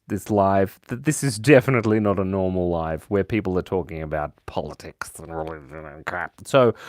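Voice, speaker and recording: A man's voice: mid-range voice, dry recording, clean studio sound. A man hosting a live drawing stream, chatting playfully, joking and reading viewer comments aloud. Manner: playful, jokey, reads chat comments aloud. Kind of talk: casual live-stream chat while drawing.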